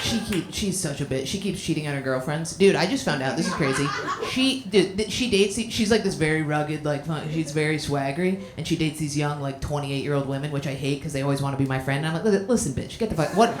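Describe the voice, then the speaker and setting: A woman's voice: low-pitched, fast. A woman doing a stand-up comedy set, telling a profane story in a rambling way that keeps breaking off and restarting. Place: comedy club stage. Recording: echoey room, loud noise.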